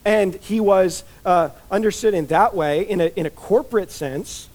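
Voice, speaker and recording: A man's voice: high-pitched, moderate pace, a little mellow. A man giving a conversational expository sermon as a pastor, chatty and informal, full of "like" and "you know" asides.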